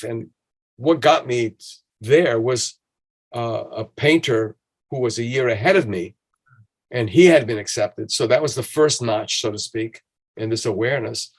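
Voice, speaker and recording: Male podcast talker, mid-pitched, animated storyteller who acts out the voices of people he quotes and restarts his sentences a lot. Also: measured pace. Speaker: podcast conversation partner. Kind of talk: casual conversational storytelling.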